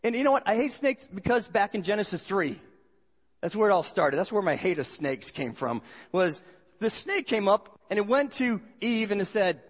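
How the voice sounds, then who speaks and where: A male pastor preaching a sermon with animated, joking storytelling, recorded with dull sound in a reverberant hall. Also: high-pitched, moderate pace, breathy edge.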